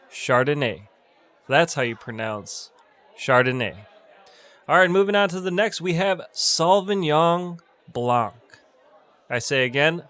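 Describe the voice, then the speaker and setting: Man slowly enunciating names in a tutorial. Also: a little high, lively intonation, fairly bright tone. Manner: slow, deliberate over-enunciation of names, repeated. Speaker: bartending instructor. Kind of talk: tutorial, pronunciation drill.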